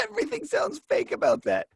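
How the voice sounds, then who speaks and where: A man's voice: very high voice, wildly swooping pitch, a little fast, gravelly. A man co-hosting a podcast, chiming in with teasing, laughing remarks in casual chat. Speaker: podcast co-host.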